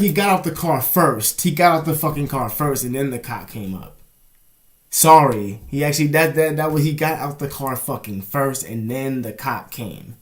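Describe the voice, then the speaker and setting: A man's voice: mid-range voice, creaky. A young man telling a rambling, profane story in a casual vlog, often asking "you know what I'm saying". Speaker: vlogger.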